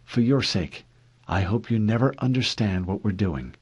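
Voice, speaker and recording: Brief: man reading a detached woman scientist, measured and firm, slightly raised pitch. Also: lively intonation, slightly rough, lo-fi sound. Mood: clinical. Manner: measured, clinical, quietly firm. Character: cool, guarded female scientist, middle-aged.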